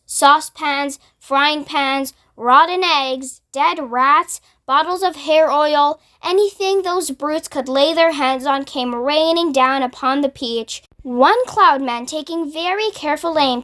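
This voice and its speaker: A woman reading a children's book aloud, narrating in a clear, expressive way. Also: sits high. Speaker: storyteller.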